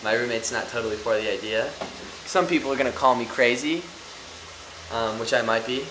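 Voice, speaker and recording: In a faintly noisy, echoey apartment room, a young man gives a casual confessional to camera in a mid-range voice at normal speed. He rambles, hesitates, pokes fun at himself, and fills his talk with fillers.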